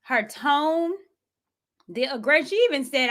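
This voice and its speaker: Animated high-pitched woman host. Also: a little slow. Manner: sassy, animated, talks back to clips. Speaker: host reacting to clips. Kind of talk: casual commentary.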